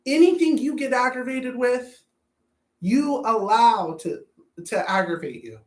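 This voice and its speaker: A man's voice: very high-pitched, lively intonation, unhurried. A man coaching anger management in a blunt, profane self-help talk, often repeating words as he thinks. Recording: roomy echo.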